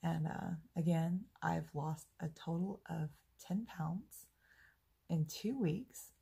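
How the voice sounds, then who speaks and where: A woman's voice: fairly low pitch, slow pace, creaky, mellow, slightly rough. A woman talking to the camera in a casual, chatty diary vlog, upbeat and self-deprecating. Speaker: vlogger.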